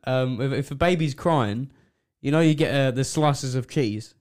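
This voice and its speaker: A man's voice: mid-range voice, normal speed, darkish tone. A man, a podcast co-host in casual chat, who laughs often and chips in with short reactions.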